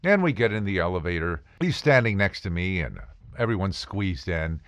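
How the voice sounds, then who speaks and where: A man's voice: deep voice, expressive, moderate pace, fairly bright tone, no echo. An American man, an attorney, telling courtroom stories in a casual, wry, joking way. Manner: wry, joking, acts out quoted voices. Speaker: attorney podcast host. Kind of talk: casual storytelling monologue.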